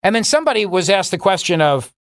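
Sarcastic talk radio host, higher voice. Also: male voice, sing-song, fast, a bit bright, smooth, no echo, clean studio sound. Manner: sarcastic, mocking, pitch jumps for emphasis. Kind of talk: political talk radio monologue.

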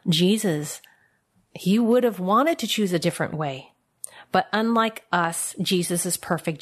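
A woman giving a devotional sermon in a gentle, reassuring way, sometimes dropping to soft, tender tones. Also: fairly low pitch. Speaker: preacher.

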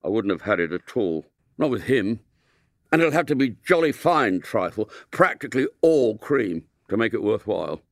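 A man's voice: on the low side, big pitch swings, normal speed, dry recording, studio quality. A man voicing a stubborn schoolboy with tempestuous outbursts, reading aloud from a storybook. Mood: gloomy. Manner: indignant outbursts.

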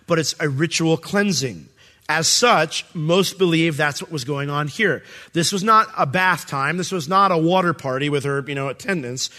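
This pastor, middle-aged and male, has a slightly high voice as he delivers his sermon. He animatedly slips into character voices, with frequent fillers and false starts.

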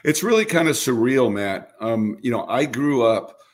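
A man's voice: mid-range voice, animated, moderate pace. An older man from Brooklyn, a baseball broadcaster speaking earnestly as an interview guest. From Brooklyn, New York. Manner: reflective, earnest, many restarts. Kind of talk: conversational interview.

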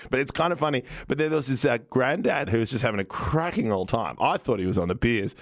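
A man's voice: mid-range voice, animated, fast talker, no echo, clean studio sound. Rambling Australian man, casual chat. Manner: rambling storyteller, many fillers. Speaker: podcast host.

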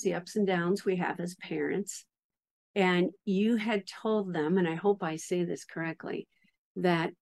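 A woman hosting a faith interview, warm with praise and enthusiastic about the book she discusses. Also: mid-range voice. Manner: enthusiastic, effusive. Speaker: interview host.

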